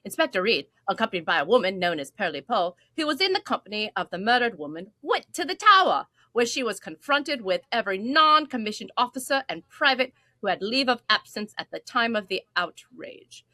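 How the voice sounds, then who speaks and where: A woman's voice: fairly high pitch, sing-song, brisk, hardly any pauses, sharp tone, no room sound. A woman voicing a Victorian newspaper reader in a put-on Cockney accent, reading in an over-dramatic, theatrical way. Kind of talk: podcast chat.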